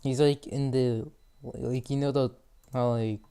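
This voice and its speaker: A man's voice: medium pitch, fairly even intonation, measured pace, mellow, clear, resonant tone. A teenage boy hosting a casual podcast interview, asking rambling questions full of fillers. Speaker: host.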